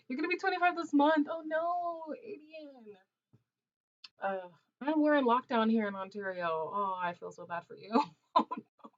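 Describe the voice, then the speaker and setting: A woman's voice: on the high side, a little slow, pauses often, highs cut off. Chatty young woman on a livestream. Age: 20s. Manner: chatty, animated, laughs often, loose slangy talk. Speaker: livestream host. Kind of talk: casual livestream chat reading viewer comments. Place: Ontario, Canada.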